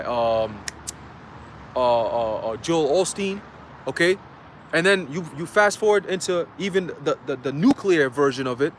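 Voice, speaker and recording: Brief: man, high voice, laid-back street-style preacher, faint traffic behind. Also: a bit bright. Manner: conversational, filler-heavy, reads scripture aloud. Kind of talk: livestream sermon, casual street talk.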